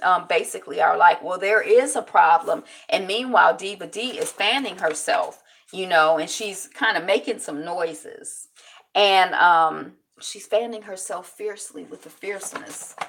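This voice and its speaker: A woman chatting casually as she recaps a TV episode, animated and digressive, laughing as she goes. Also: mid-range voice, unhurried, gravelly. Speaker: TV recap host.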